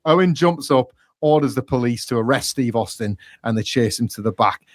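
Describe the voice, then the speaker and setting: A man's voice: mid-range voice, a little fast, no room sound. Man, podcast co-host, casual recap, acts out quotes, dry close sound. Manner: animated retelling with acted-out quotes. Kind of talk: casual chat, recapping wrestling.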